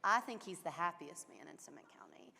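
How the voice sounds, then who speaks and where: A woman's voice: lowish voice, animated, brisk, vocal fry, bright, forceful tone. A woman emceeing a conference, introducing the next speaker in a playful way. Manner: playful, laughing. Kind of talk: event introduction. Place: conference hall. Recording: long reverb of a conference hall with faint ambience.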